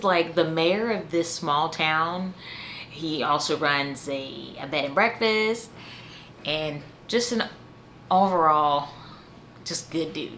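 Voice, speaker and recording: A woman chats through a casual book review in a somewhat low voice. She fills pauses with "um" and "you know" and often restarts her sentences. A faint hiss sits behind her speech. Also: fairly bright tone. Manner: chatty, full of fillers and restarts.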